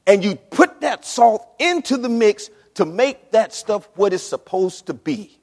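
A pastor preaching a sermon in a church, animated with call-and-response. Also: male voice, sits high, measured pace, hardly any pauses. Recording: long hall reverb.

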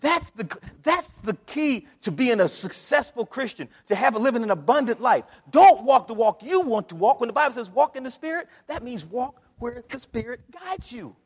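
A man preaching a sermon as pastor, moving from steady scripture reading to loud, shouted passages. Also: very high voice, normal speed, few pauses, husky, big-room sound.

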